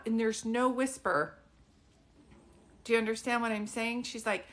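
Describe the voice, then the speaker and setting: Chatty, higher-voiced middle-aged woman medium. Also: moderate pace, fairly bright tone. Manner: chatty, laughing, many fillers and questions. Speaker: psychic medium. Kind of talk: live-stream reading.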